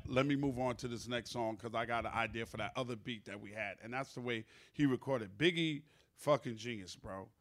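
A man hosting a podcast, telling studio stories in a loose, animated, profane way. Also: medium pitch. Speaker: podcast host. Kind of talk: casual storytelling chat.

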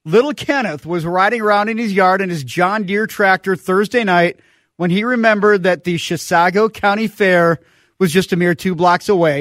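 Male radio co-host, high voice, easygoing headline reader, dry studio sound. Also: fairly bright tone, no echo. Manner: loose and joking, with restarts. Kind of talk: casual radio chat and news reading. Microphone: studio microphone.

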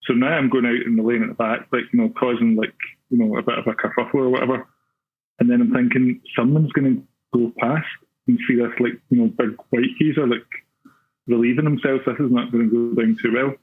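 Glaswegian guest storyteller, husky, tinny phone-like line, rambling and self-deprecating. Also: male voice, mid-range voice, little pitch movement, brisk. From Scotland. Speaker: podcaster guest. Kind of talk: casual storytelling.

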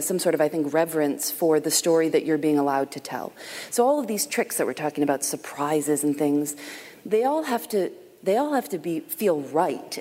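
Warm-voiced woman chatting in a hall. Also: sits low. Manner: animated, laughing, self-interrupting. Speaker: podcast co-host, guest. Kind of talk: casual conversation.

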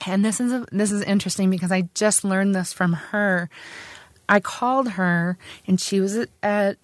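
A woman's voice: mid-range voice, moderate pace, no echo. Middle-aged female army vet, earnest oral-history storyteller, dry close mic. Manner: earnest, conversational, with frequent restarts and fillers. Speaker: army veteran recounting service.

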